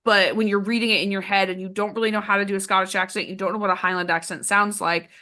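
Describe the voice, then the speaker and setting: A woman's voice: medium pitch, flat delivery, fast talker, sharp tone. A woman co-hosting a book podcast, chatting enthusiastically and rambling with fillers. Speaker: podcast co-host. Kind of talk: casual book chat.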